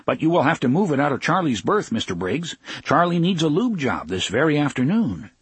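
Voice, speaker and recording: A man reading a storybook, voicing an old male train engineer who talks in a raised, quick, excited way. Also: a little high, breathy edge, no echo, pitched above the performer's own voice, exaggerated voice. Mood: firm.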